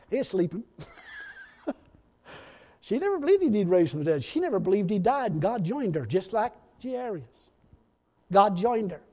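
A high-pitched male preacher telling stories from the pulpit in a folksy, rambling manner. His voice carries a long reverb from a large hall. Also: mellow. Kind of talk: storytelling sermon.

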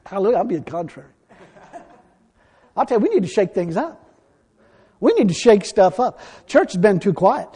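Male preacher, high-pitched, fiery and plainspoken delivery. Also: moderate pace, husky. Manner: folksy, blunt, excitable with bursts of shouting. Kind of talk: fiery sermon.

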